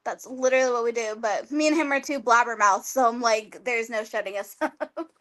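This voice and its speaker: A woman's voice: a little high, fairly quick, fairly bright tone. A woman guest on a video-call talk show, chatting casually with a lot of "like" fillers and frequent laughter. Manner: chatty, lots of "like", laughs often. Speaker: guest wrestler. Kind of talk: casual interview chat.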